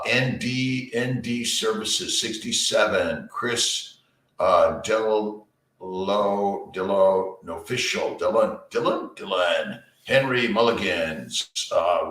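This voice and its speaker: A man hosting a casual morning livestream from his home basement office, rambling and greeting viewers by name while keeping his voice low on a headset. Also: roomy sound, recorded from a distance. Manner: works to keep his voice low and quiet.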